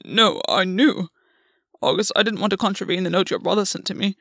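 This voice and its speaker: Woman doing a young fae man, anxious, hesitant, gravelly, dry audiobook sound. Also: mid-range voice, steady tone, fairly quick, fairly bright tone, no room sound. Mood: anxious pleading. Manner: hesitant, pleading. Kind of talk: audiobook reading.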